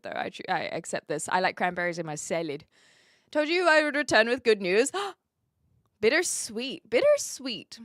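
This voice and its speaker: Streamer woman, chatty and giggly, slightly high voice, dry close sound. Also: a bit bright, no room sound. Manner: chatty and giggly, reads chat aloud. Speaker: live streamer. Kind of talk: casual live-stream chat. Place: attic room with brick walls.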